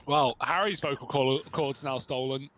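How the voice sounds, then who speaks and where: Punchy English play-by-play caster. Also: male voice, medium pitch, noisy background. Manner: quick, punchy, dry-humoured. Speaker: esports caster. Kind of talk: play-by-play commentary.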